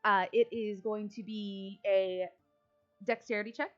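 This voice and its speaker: A woman's voice: medium pitch, fairly even intonation, unhurried, soft background music. Brief: laid-back woman game master, hesitant and chatty, muffled lo-fi stream mic. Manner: casual, hesitant, many fillers. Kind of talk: narrating a tabletop game.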